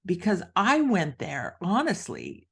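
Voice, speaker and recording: With a lowish, creaky, husky voice, a middle-aged woman takes her time telling a story. She's an author guesting on a podcast, speaking conversationally and animatedly acting out quoted voices.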